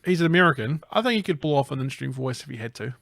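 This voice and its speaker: Gravelly-voiced man chatting on a podcast. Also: medium pitch, expressive, racing, a bit bright, dry recording, clean studio sound. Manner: chatty, enthusiastic, laughs often. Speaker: podcast co-host. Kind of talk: casual chat.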